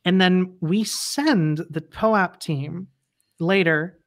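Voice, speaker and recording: A woman's voice: fairly low pitch, extremely slow. A woman guest on a livestream interview, chatting casually and laughing often as she explains things.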